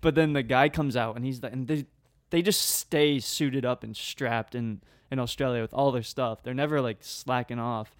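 Smooth-voiced young man telling a story. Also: mid-range voice, normal speed, few pauses, dry recording, studio quality. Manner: animated anecdote-telling, laughs often. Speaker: podcast co-host. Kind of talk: casual storytelling chat.

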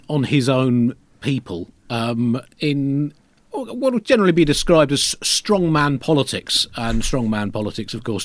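A man's voice: mid-range voice, no echo. Dry-voiced man rambling with comic asides. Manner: rambling, self-amused, hesitant with fillers. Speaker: co-host. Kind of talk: comic podcast banter and mock scripture reading.

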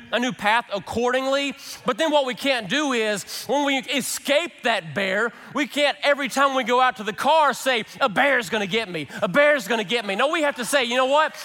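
A man preaching a sermon as pastor, conversational and animated, acting out quotes from the people in his story. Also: extremely high pitch. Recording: reverberant hall.

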